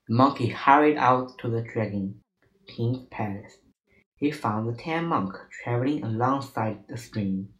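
A man reading a storybook aloud to children, in slow, careful, non-native phrasing. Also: medium pitch, animated, fairly bright tone, poor audio.

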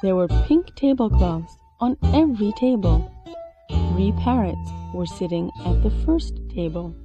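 A woman, an English teacher reading a storybook aloud with expressive sound words. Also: medium pitch, a little slow, muffled recording. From China. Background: soft music.

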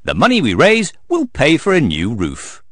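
A man putting on a prim lady gazelle teacher, a bit higher than his own voice, for a storybook. She makes her announcements in a dry, close recording. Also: huge pitch swings, moderate pace, a bit bright, no echo, heavily acted. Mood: announcing. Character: genteel female gazelle teacher.

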